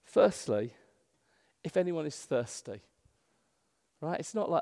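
Male pastor, fairly high voice, preaching in a church with a long hall echo. Animated, from loud to hushed. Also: slow, gravelly. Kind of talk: sermon.

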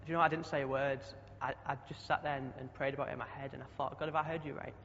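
A man's voice: medium pitch, little pitch movement, racing, creaky, fairly bright tone, a little hiss or hum. A young man preaching a chatty sermon, often asking the congregation questions. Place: church hall. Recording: dull sound with long hall echo.

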